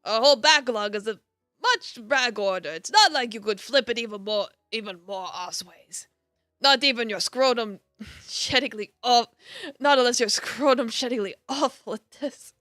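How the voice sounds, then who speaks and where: A woman voicing an irritable old crone who runs an office, in a gruff put-on hag voice with a curt, scolding manner. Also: fairly high pitch, moderate pace, pushed and bright, no echo, clean studio sound, faint music behind. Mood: dismissive.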